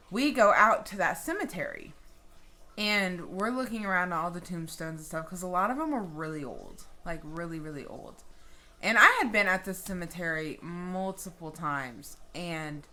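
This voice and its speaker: A woman vlogger telling a personal story in a casual, animated way, swearing freely. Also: on the low side, moderate pace.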